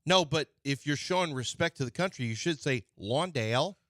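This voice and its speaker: A man hosting a sports radio show, talking in an animated, playfully argumentative way. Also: fairly high pitch, brisk, dry recording, studio quality. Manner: animated, playfully argumentative, jumps between topics. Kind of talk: casual sports talk banter. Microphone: studio mic.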